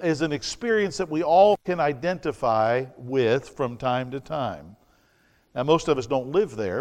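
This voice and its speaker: A man preaching an evening sermon, reading scripture slowly and asking the congregation rhetorical questions. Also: on the high side, long reverb tail.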